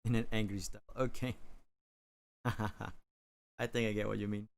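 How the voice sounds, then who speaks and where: A man streaming while he draws, chatting casually and rambling, with hesitant pauses and chuckles. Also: lowish voice, flat delivery, creaky. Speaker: livestreamer drawing on stream. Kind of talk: casual chat while drawing.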